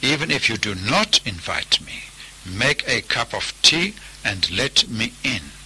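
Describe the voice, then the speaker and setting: A man's voice: medium pitch, sing-song, a little slow, pushed and bright, husky, exaggerated voice, rough recording. A man voicing a vengeful, mighty male fire spirit that calls out insistently in a storybook tale. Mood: menacing.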